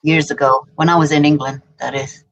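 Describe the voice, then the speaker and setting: A woman with a somewhat low voice co-hosts a casual livestream. She talks playfully and drifts into anecdotes, teasing her co-host along the way. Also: little pitch movement, a little fast, low-quality recording. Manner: playful, chatty, tells anecdotes.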